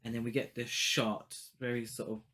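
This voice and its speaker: A man's voice: medium pitch, level tone, normal speed, sharp tone. A man co-hosting a podcast, chatting casually about a film and teasing his co-host.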